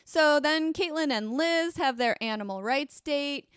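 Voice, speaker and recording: Chatty high-voiced woman. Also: measured pace, no echo, clean studio sound. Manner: chatty, lots of "like" fillers. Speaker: podcast co-host. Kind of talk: casual chat recapping an episode.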